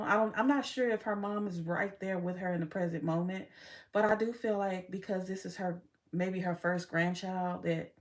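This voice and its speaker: Chatty woman giving a tarot reading. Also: medium pitch. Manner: chatty, frank, swears freely, laughs often. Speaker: tarot reader. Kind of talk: casual tarot reading vlog.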